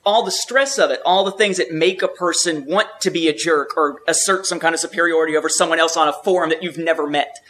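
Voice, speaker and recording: A man's voice: on the high side, fast talker, few pauses, bright, forceful tone. A man talking casually and thoughtfully, explaining his view at length. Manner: thoughtful, explanatory, with some restarts. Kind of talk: casual chat.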